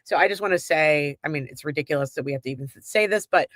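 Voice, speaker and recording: A woman co-hosting a podcast, with a bright, forward voice and a deliberate way of laying out her views. She frames her points carefully and agrees readily with her co-host. The sound is close and dry. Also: low voice, no room sound. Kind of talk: casual opinion talk.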